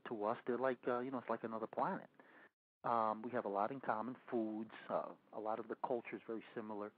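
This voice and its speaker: A man's voice: lowish voice, fairly even intonation, quick pace, dry recording. A man from Cuba with a New York accent, hosting political talk radio. He speaks emphatically and often repeats himself. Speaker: radio host. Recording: tinny phone-like radio audio.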